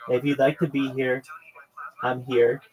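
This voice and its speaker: A man's voice: medium pitch, level tone, measured pace, darkish tone, rough recording. A man telling a rambling, profanity-laced story in a casual livestream monologue.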